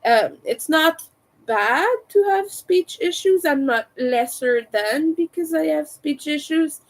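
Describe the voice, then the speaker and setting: French-accented woman streamer, unhurried, slightly high voice, crisp T's. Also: expressive, poor audio. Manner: carefully overpronounces her T's. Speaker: crochet livestreamer. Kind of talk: casual livestream chat.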